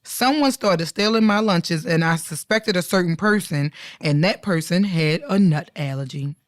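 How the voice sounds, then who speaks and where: A woman's voice: fairly low pitch, moderate pace, no echo, clean studio sound. A woman co-hosting a podcast, reading internet stories aloud in a casual, playful way with slangy asides and frequent laughter. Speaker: podcast co-host.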